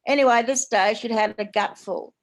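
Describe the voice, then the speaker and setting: Australian woman author, slightly high voice, unhurried story reading. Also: fairly even intonation. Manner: unhurried, plain storytelling in slang. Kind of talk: reading her short story aloud.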